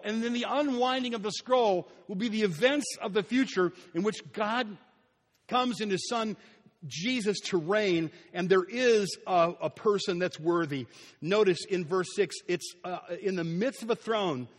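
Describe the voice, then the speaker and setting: A man preaching a sermon as pastor, animated, acting out scenes and sometimes dropping very soft. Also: high-pitched. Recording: echoey hall with long reverb.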